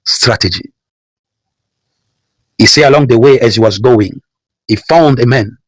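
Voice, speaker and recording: A man's voice: mid-range voice, unhurried, dry recording, poor audio. A man preaching a sermon, repeating phrases and building emphasis as he calls out Bible verses. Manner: preaching with repetition and rising emphasis. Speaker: pastor.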